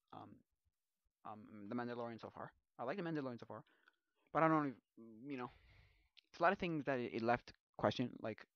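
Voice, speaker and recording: A man in a casual commentary, mumbling through a passage he reads aloud, then ranting loudly and mocking people in put-on voices. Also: medium pitch, no room sound, lo-fi sound.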